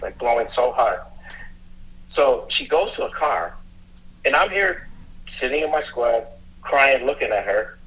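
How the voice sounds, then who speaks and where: Earnest man with a bright voice. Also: mid-range voice, poor audio. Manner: halting, many restarts, earnest. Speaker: police officer and youth mentor, guest. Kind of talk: emotional personal storytelling.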